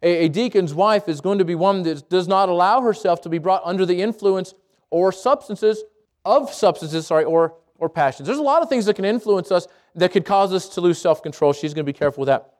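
A man preaching a sermon to a congregation, lively and conversational, with jokes, asides and quick self-corrections. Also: sits high. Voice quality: speaks around braces. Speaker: pastor.

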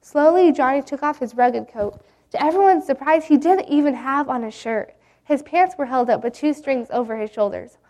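A woman reading a Bible story aloud in an earnest, gentle way. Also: sits high, moderate pace.

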